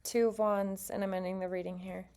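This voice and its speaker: Woman doing a tarot reading, kinda gravelly fry in her voice, chatty and earnest, talks to the viewers like friends. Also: mid-range voice, level tone, a little fast, background noise. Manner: chatty and earnest, with self-aware asides. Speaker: tarot reader.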